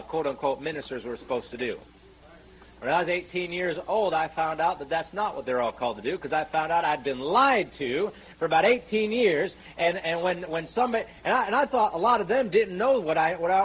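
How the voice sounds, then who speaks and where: A man's voice: high-pitched, breathy edge. Fiery man preaching, muffled recording. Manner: fiery, rising to shouts on scripture quotes; sarcastic, mocking. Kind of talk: sermon. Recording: muffled, slightly noisy sermon recording.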